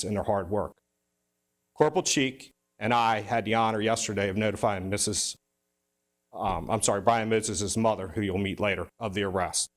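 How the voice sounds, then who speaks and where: Man giving a formal police statement. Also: on the low side. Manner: formal, measured, some restarts. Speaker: police chief. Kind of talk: press conference statement.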